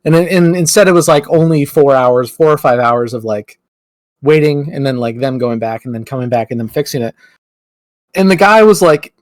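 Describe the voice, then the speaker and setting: Brief: young male podcast co-host, casual rambling storyteller, slightly high voice, dry close mic. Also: no echo. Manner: rambling, lots of "like", acts out quotes.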